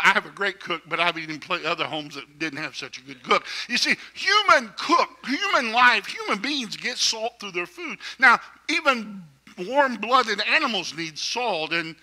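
A man's voice: high voice, sharp tone. A man preaching a sermon to his congregation, folksy, with joking asides. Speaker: pastor.

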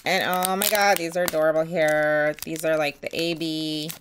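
A woman's voice: sits low, level tone, normal speed, noisy background. A woman vlogger chatting casually and gushing as she unboxes nail art, with many ums.

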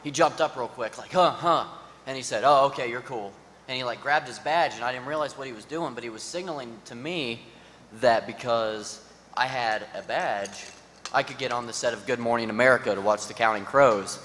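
A man's voice: medium pitch, a little fast, a bit bright. A man on a conference panel telling a casual, rambling anecdote full of fillers. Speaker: panel member. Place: large conference hall, live audience. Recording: large hall with long reverb, faint noise.

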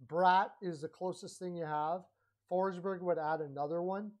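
A man's voice: sits high, steady tone, normal speed. A man giving a blunt, opinionated, rambling solo talk as a hockey commentary vlogger, often correcting himself mid-sentence. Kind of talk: casual opinionated monologue.

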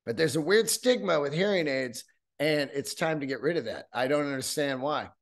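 A man's voice: on the high side, animated, normal speed. Loose, profane male podcast host. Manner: loose, profane, rambling with asides. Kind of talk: casual solo podcast monologue. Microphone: studio podcast mic.

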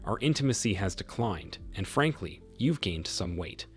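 A man reading the lines of a cool, self-assured wife who leaves her husband, calm and firm. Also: lowish voice, moderate pace, faint music behind, close to an everyday voice.

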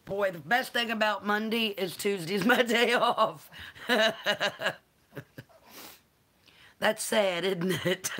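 Slow-talking woman host. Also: medium pitch, fairly bright tone. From North Carolina. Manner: affectionate, calls viewers honey and baby. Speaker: channel host. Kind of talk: live-stream chat, greeting viewers.

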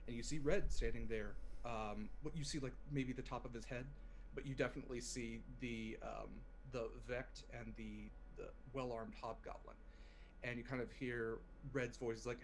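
A man's voice: medium pitch, fairly even intonation, moderate pace, slight background noise, low-quality recording. A man running a tabletop game as game master, narrating in a casual, hesitant way.

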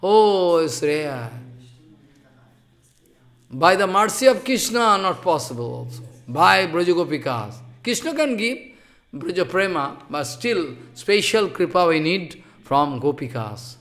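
A man giving an impassioned devotional sermon in English, scolding loudly one moment and dropping to hushed asides the next. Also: sits high, big pitch swings, unhurried. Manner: impassioned, scolding, swings between loud outbursts and hushed asides; non-native English with broken grammar. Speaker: spiritual teacher.

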